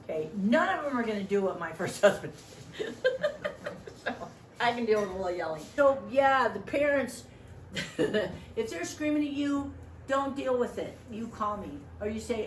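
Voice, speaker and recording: A woman's voice: medium pitch, normal speed, echoey room, far from the mic, a little hiss or hum, rough recording. A middle-aged woman training volunteers in a meeting room, joking often and acting out what other people say. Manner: animated, joking, acts out quoted voices.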